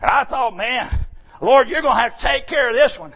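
Man, preacher, high voice, shouting sermon, folksy storytelling. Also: lively intonation, brisk, vocal fry, slightly rough.

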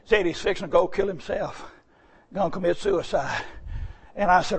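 Husky preacher man. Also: high-pitched, lively intonation, fairly quick. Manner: swings from hushed to shouting, folksy. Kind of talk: sermon storytelling.

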